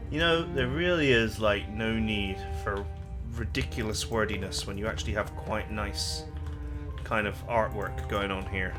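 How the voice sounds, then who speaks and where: A man's voice: on the low side, moderate pace, over music. A man hosting a let's play, reading game text aloud dramatically and chatting casually about the game with lots of "like". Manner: casual asides full of "like", dramatic read-aloud of game prose.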